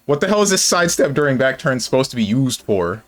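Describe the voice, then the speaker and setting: A man's voice: mid-range voice, sing-song, fast talker. A man streaming a fighting game, giving casual commentary with frustrated outbursts and sudden exclamations. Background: fighting game music.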